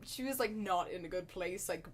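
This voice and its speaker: A woman's voice: on the low side, normal speed. A woman who is a podcast guest, telling a story in a casual, rambling way full of "like". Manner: rambling with many fillers.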